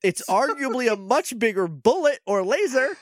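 A man's voice: very high voice, very animated, moderate pace, dry recording, studio quality. A man co-hosting a podcast, chatting casually and jokily about a TV episode, rambling and acting out characters' lines. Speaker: podcast co-host. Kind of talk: casual chat recapping a TV episode.

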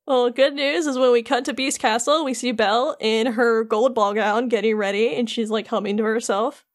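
Woman on a podcast, slightly high voice, chatty and jokey while recapping a game. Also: steady tone, normal speed. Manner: playful retelling, swears, mimics characters. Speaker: podcast co-host. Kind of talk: casual chat recapping a game.

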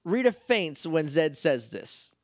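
Male podcast co-host, slightly higher voice, animated storyteller, dry close recording. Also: slow pace, no room sound. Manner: animated, acts out characters' lines while recapping. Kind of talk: casual recap chat.

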